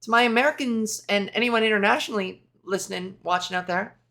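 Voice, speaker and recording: A Canadian woman with a brisk, slightly bright mid-range voice rants casually on her solo podcast. The rant is rambling, sarcastic and full of profanity.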